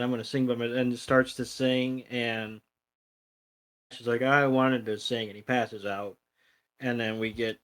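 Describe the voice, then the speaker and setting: A man's voice: medium pitch, clean tone. A man co-hosting a podcast, casually recapping a cartoon episode with lots of fillers and the odd swear word. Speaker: podcast co-host.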